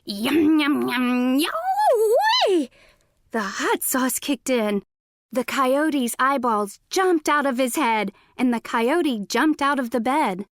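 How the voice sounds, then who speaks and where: A woman reading a children's storybook aloud, clear and expressive. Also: high-pitched, takes it slowly, dry recording. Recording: dry close recording.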